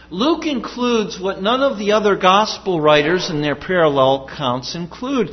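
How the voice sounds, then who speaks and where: With a high, husky voice, a pastor preaches earnestly and emphatically, returning again and again to his key questions. The sound is dull, with long hall reverb.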